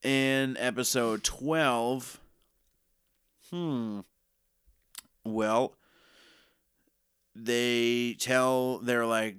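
A man talks through a story in loose, profane casual chat, now and then dropping into a quick mock voice. His voice is smooth and clear at a middling pitch, recorded dry and close with no room around it. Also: fairly even intonation, a bit bright, no room sound. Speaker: podcast co-host recapping a TV series.

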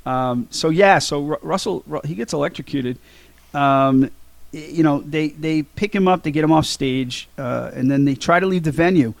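A man with a gravelly, slightly higher voice talks through a movie recap in a loose, rambling way, full of ums and false starts. The sound is dry and close. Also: moderate pace, dry recording. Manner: rambling, many ums and restarts. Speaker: podcast co-host recapping a film. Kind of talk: casual chat.

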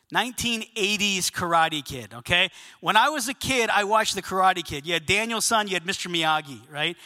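A man preaching a sermon to his congregation, telling a story with lively asides and questions to the listeners. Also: high-pitched. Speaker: pastor. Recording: long reverb of a large hall.

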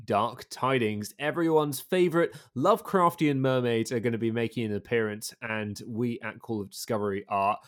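A man's voice: mid-range voice, moderate pace, few pauses. Upbeat guy co-hosting a podcast, laughs easily, casual chat. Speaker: podcast co-host.

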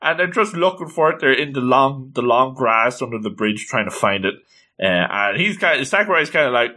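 A man's voice: mid-range voice, sing-song, moderate pace, sharp tone. A man casually recapping a story with playful, jokey asides.

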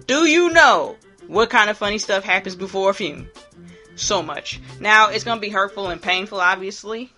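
A woman hosting a casual, profane commentary monologue in an animated way, often acting out voices. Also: mid-range voice, moderate pace, faint music behind.

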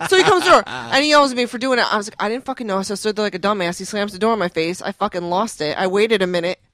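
A woman's voice: medium pitch, animated, very fast, a bit bright, dry recording. A woman co-hosting a podcast, telling a story in casual chat with a lot of swearing and animation. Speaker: podcast co-host.

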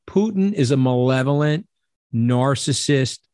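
A man's voice: mid-range voice, a little slow, clear, resonant tone, no echo, studio quality. Blunt, profane middle-aged man. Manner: blunt and profane, animated, acts out quoted voices. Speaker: interview guest. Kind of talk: casual interview storytelling.

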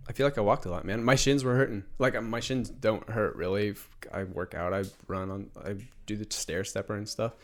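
A man's voice: fairly low pitch, steady tone, a little fast, few pauses. A young man co-hosting a podcast, talking in a laid-back, chatty way that trails off and restarts. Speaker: podcast co-host. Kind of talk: casual chat.

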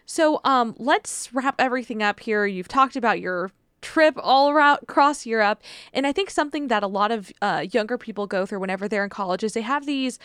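Brief: woman podcast host, asks questions, higher smooth voice, dry close sound. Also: fairly bright tone, dry recording. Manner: asks questions and gives quick reactions. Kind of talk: casual chat.

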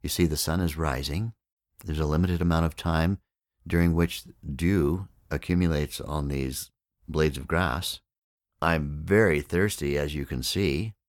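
A grumbling, impatient man in a spoken storybook tale, sharp with anyone who slows him down, as a narrator puts him on. His voice sits very low, and the recording is close and dry. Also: dry recording. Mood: irritated. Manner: impatient, complaining. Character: peevish thirsty man floating in a pond.

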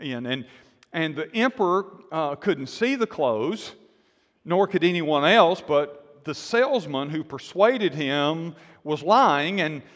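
A male pastor preaches in a church sanctuary, and his voice trails off into a long hall reverb. He sits high for a man. He tells stories with energy, slipping into acted-out voices for the quotes. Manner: animated storytelling with acted-out quotes. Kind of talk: sermon.

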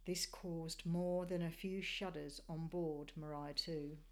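Woman, slightly low voice, measured scripted voice-over for a sailing travel vlog. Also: steady tone. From Australia. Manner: measured, descriptive storytelling. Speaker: sailing narrator.

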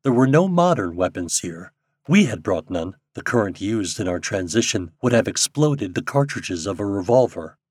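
A man narrating a story aloud as an audiobook reader, in an expressive storytelling manner. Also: fairly low pitch, normal speed, slightly rough, dry recording, studio quality. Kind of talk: scripted narration.

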